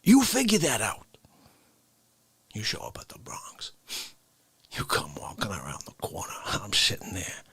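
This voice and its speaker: A man doing a husky, whispering Bronx tough guy. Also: lowish voice, huge pitch swings, a little slow, long pauses, no echo, exaggerated voice. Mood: indignant. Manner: swings from hushed whispers to shouts. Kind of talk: comedic character monologue.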